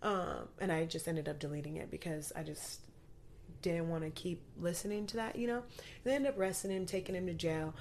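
Woman with a lowish voice telling an intense personal story, urgent, lots of "like"s. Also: brisk, a little mellow, a little hiss or hum. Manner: urgent, vivid retelling with many fillers. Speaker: guest recounting a personal story.

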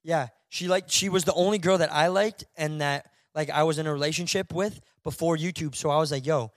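A young man co-hosting a podcast, telling a story in a loose, animated way, full of "bro" and "like". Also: a little high, brisk, no echo, studio quality. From Florida, US. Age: young adult. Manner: animated storyteller, acts out voices, lots of "bro" and "like". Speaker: podcast co-host. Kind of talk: casual storytelling chat.

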